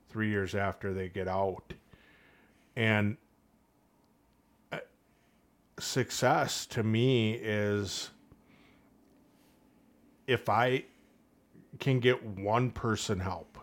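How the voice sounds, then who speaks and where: Guy on a podcast, kinda low voice, earnest, tells a little story and does the voices. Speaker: podcast guest. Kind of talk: casual podcast conversation.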